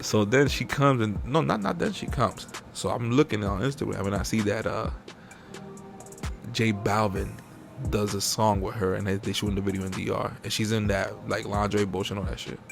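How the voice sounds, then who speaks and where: A young man rants on a podcast, loose and profane, breaking into shrill mocking impressions. His voice sits low with a gravelly fry, and faint music plays underneath. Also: normal speed. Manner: profane, animated ranting with mocking high-pitched impressions. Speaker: podcast host. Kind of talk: casual uncensored podcast rant.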